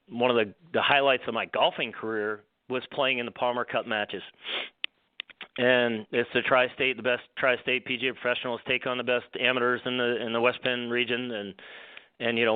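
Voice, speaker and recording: A male golf professional, a guest, telling stories in a rambling, animated way with many restarts. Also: mid-range voice, clear, resonant tone, no echo. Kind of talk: storytelling on a radio show. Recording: dry phone line.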